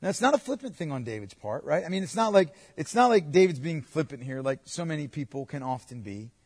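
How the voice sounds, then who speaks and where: Husky preacher with hall echo. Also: male voice, on the high side, big pitch swings, quick pace, clean studio sound. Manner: emphatic, swings between loud urging and hushed quiet asides. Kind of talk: sermon. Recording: long hall reverb.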